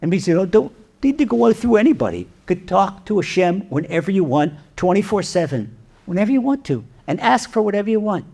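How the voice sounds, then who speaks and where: A male rabbi delivering a sermon and telling a parable. His voice is gravelly and somewhat high. He asks rhetorical questions and talks animatedly. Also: very animated, brisk, warm tone. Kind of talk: sermon with storytelling.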